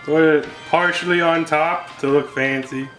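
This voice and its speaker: A man's voice: fairly high pitch, steady tone, unhurried, a bit bright. Laid-back jokey male cooking host. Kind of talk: casual cooking vlog. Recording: roomy sound with background music.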